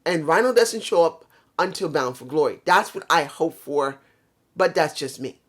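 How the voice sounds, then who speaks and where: On the high side and a bit bright, this reviewer's voice has lively intonation at a normal speed. He gives a casual, opinionated monologue about a show, ranting bluntly, swearing freely, and remarking that his worn voice is messed up.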